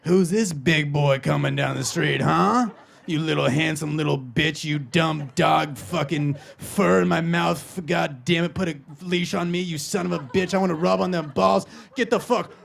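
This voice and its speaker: A man doing a voice of a woman gushing over a dog and turning rough, slow and drawn-out, in stand-up. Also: fairly high pitch, steady tone, a little hiss or hum. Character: woman cooing and growling at a dog. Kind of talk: stand-up comedy.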